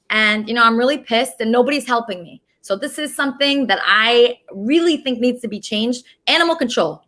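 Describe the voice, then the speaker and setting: A young woman hosts a casual online show, talking straight to the camera. Her voice is bright and forceful, pitched a bit high. She rants indignantly, swearing as she goes. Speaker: host. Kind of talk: casual video monologue.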